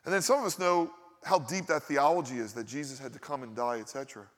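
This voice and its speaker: A man's voice: mid-range voice, quick pace. Preacher man in a reverberant hall. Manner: conversational preaching with rhetorical questions. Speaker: pastor. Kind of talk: sermon.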